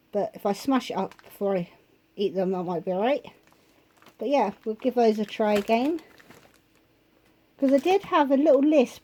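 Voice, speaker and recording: A woman with a blocked nose from a cold, sounding nasal as she chats through a shopping haul vlog, listing prices with many pauses and ums. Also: a little high, mellow, poor audio. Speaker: vlogger.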